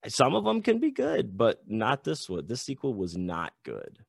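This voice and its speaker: A man talking as a guest author in a casual podcast chat, loose and animated, swearing and saying "like" a lot. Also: on the low side, moderate pace, vocal fry, husky, no room sound, clean studio sound.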